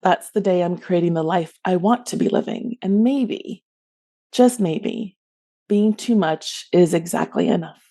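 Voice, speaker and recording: An adult woman telling a rehearsed personal story as a podcast guest, expressive and loud when acting out yells. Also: fairly low pitch, a little slow.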